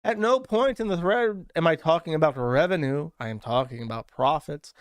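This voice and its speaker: A man's voice: fairly high pitch, normal speed, clean tone, dry recording, clean studio sound, natural voice. A man putting on a haughty, sneering man. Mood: condescending. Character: pompous condescending man who sneers at critics.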